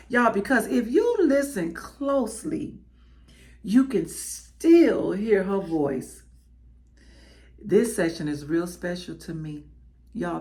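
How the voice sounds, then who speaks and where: A woman with a Southern accent from Miami hosts her show, her pitch leaping up and down as she talks. She takes her time, drawing out her words as she calls out to her listeners. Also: gravelly. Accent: Southern American. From Miami, Florida. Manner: animated, warm calls to the audience. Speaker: host. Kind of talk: lively show host address.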